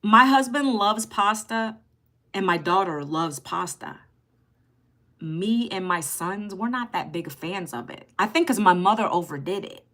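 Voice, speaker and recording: A woman's voice: medium pitch, expressive, unhurried, a bit bright. A woman in her fifties hosting a live stream, chatting casually with her viewers and reading out their comments. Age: 50s.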